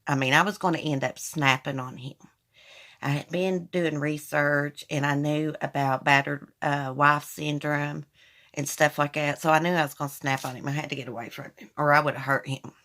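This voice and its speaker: A woman's voice: low-pitched, fairly even intonation, normal speed, fairly bright tone. A woman hosting a casual live chat, candidly telling personal stories to her viewers on a phone stream. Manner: candid, storytelling, addresses viewers as y'all. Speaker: livestream host.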